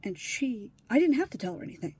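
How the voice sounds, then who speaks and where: A deeply upset woman speaking bluntly as she tells a personal story to her camera, swearing freely and often sinking to a whisper. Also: very animated, fast talker, warm tone, slightly rough. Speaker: vlogger sharing her life with trauma.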